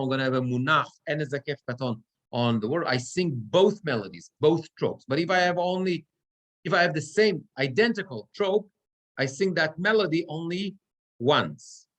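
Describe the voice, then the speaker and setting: A man's voice: a little high, expressive, moderate pace, low-quality recording. A man teaching a class on Torah reading as cantor, explaining chant rules and chanting Hebrew verses. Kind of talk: online class lesson.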